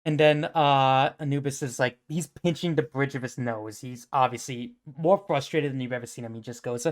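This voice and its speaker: A man's voice: mid-range voice, steady tone, normal speed, hardly any pauses. A man narrating a tabletop role-playing game as game master, rambling and swearing when he loses his place. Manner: rambling, swears when flustered, laughs at own slips.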